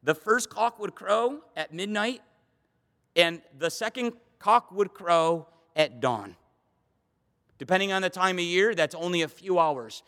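A man's voice: sits high, animated, unhurried, a bit bright. A man preaching a Bible study, fervent and emphatic. He repeats phrases for stress and talks conversationally, with fillers and restarts. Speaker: pastor teaching a Bible study. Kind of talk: expository sermon. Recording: long hall reverb.

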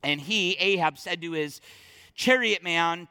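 Preacher, male, high bright voice, dramatic storytelling, long reverb of a big hall. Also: unhurried. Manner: emphatic, storytelling, swings loud and soft. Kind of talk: sermon.

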